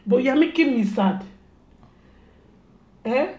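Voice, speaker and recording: A woman's voice: high voice, animated, slow, mellow, roomy sound. A young woman, speaking to her son at home in a scolding, repetitive way as part of a prank. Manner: scolding and repetitive, mock-stern. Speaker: mother and vlogger. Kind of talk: casual family prank talk.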